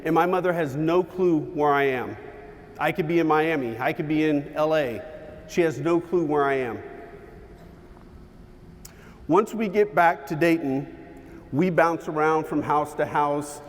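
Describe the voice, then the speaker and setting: A man giving a motivational keynote, telling a personal story with dramatic pauses and shifts in pace. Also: a little high, big-room sound. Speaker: keynote speaker. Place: large hall with an audience.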